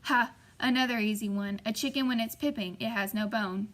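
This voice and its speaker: Woman doing a bossy old crone, harsh shrill voice, rural drawl, storybook reading. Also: a little fast, fairly bright tone, natural voice. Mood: demanding. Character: mean old backwoods woman, scolding.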